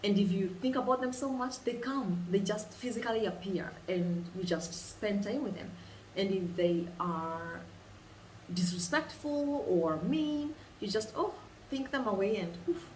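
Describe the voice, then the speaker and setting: A woman leading a guided imagination exercise, telling it in an animated way and repeating phrases for emphasis. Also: mid-range voice, normal speed, slight background noise. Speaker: vlogger. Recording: roomy sound, distant mic, faint ambience.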